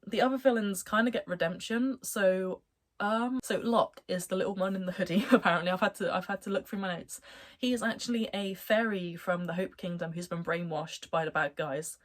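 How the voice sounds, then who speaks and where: Young adult woman reviewer, casual and gushing, mid-range pitch, loose rambling delivery. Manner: rambling, enthusiastic, many fillers like "um" and "like". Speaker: anime reviewer. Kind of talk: casual chat.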